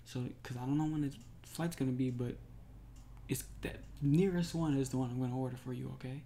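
A man in a whispered role-play as an adoring boyfriend, soft and affectionate, often breaking into laughs and sighs. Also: mid-range voice, fairly even intonation, brisk, slight background noise. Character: adoring boyfriend, emotional and overjoyed. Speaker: ASMR creator.

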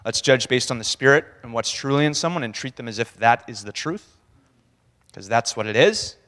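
A man's voice: mid-range voice, lively intonation, moderate pace, a bit bright. Man talking casually in a reverberant church. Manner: conversational, laughing, acts out quotes. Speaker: church speaker. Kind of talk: casual sermon talk. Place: church sanctuary. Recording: long church-hall reverb.

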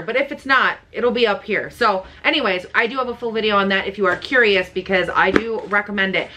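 A young woman vlogging as she unboxes makeup, gushing and excitable, swearing freely. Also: medium pitch, a little fast, hardly any pauses, a little hiss or hum. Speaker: beauty vlogger. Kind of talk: casual unboxing chat.

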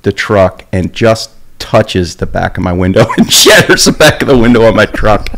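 A middle-aged man in a casual podcast conversation, an animated storyteller who talks in a loose, chatty way. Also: on the low side, moderate pace, creaky, noisy background. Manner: animated storyteller, lots of "like" and "dude". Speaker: guest, veteran bowhunter.

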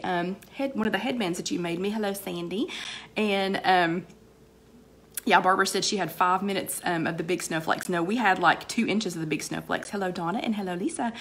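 A woman's voice: medium pitch, fairly bright tone. Chatty woman greeting live viewers. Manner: chatty, rambling, greets viewers by name between sentences; many fillers and repeated phrases. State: slightly hoarse with a cold, coughing. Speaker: vlogger hosting a live online chat. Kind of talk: casual live-stream chat greeting viewers.

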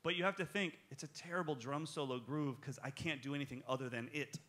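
A man with a fairly high voice talks fast over heavy background noise while teaching a live drum clinic at a music shop. Joking and speaking straight to the audience, he explains his playing and takes questions.

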